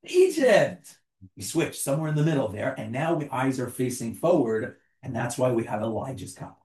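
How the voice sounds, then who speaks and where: A man's voice: medium pitch, brisk, a little mellow, echoey room. A man leading an interactive class, who asks the group questions and jokes with them as he explains.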